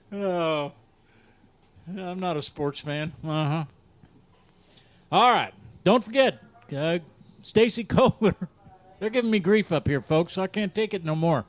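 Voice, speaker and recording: A man with a Southern US accent announcing a dirt track race live over the PA, joking and rattling off the starting lineup. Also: high-pitched. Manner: joking, laughs at himself, reads lineups briskly.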